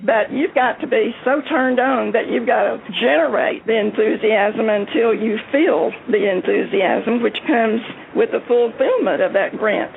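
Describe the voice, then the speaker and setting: Lady coach w/ a gravelly voice, talking success, tinny line. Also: a little high, measured pace, hardly any pauses. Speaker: panel guest, success coach. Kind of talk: motivational talk. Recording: tinny phone-like audio with faint hiss.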